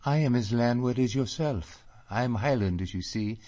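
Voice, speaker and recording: A male audiobook reader voicing a spirited, proud young Highland woman with a lilting manner. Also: moderate pace, dark tone, muffled recording, lightly acted.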